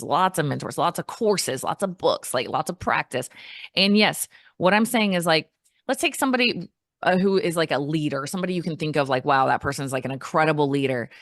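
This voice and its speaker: A woman with a low speaking voice talks as a guest coach in a relaxed interview. She is lively and jumps into playful quoted replies. The sound is dry and close. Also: brisk, no echo. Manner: animated, acts out quoted replies in a higher voice. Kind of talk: casual interview chat.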